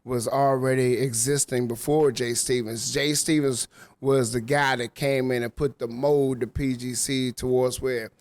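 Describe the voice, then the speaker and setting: A man's voice: mid-range voice, steady tone, measured pace, no echo. Slangy man, dry close sound. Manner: loose, slangy, storytelling. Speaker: radio DJ guest. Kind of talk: casual chat. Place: rooftop venue.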